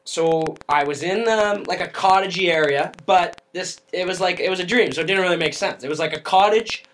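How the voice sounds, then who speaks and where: A man's voice: high-pitched, fairly quick, fairly bright tone, slight background noise, low-quality recording. A man co-hosting a podcast, telling a rambling, joking story in casual chat. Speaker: podcast co-host.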